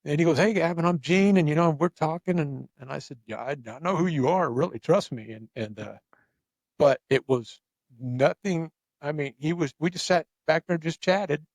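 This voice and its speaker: A man's voice: on the high side, normal speed, vocal fry, no echo. A man hosting a casual chat, telling a long anecdote with lots of restarts and repeated words. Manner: rambling, animated, repeats words when starting sentences. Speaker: podcast host.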